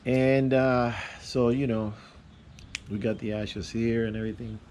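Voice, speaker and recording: A man telling a personal story in a casual, rambling way, with halting restarts and fillers. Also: mid-range voice, steady tone, darkish tone, slight background noise. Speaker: vlogger.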